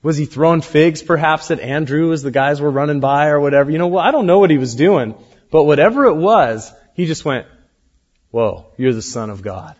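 Conversational pastor preaching in reverberant hall. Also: male voice, fairly high pitch, brisk. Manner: conversational, animated storytelling with acted quotes. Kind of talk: sermon. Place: church hall. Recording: dull, reverberant hall recording.

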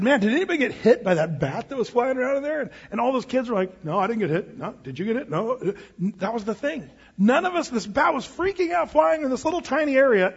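A man telling a story in a sermon as a pastor, animated and laughing at his own tale. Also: sits high, breathy edge. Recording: dull audio with long hall reverb.

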